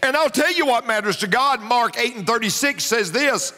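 High, bright-voiced preacher. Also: male voice, animated, moderate pace. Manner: preaching with rising emphatic repetition. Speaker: pastor. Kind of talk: sermon. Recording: long hall reverb.

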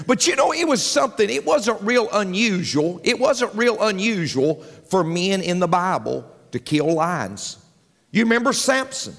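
Male pastor, slightly high voice, folksy sermon delivery with call-and-response; church hall reverb. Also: sing-song, moderate pace, vocal fry, fairly bright tone. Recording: long hall reverb with faint music.

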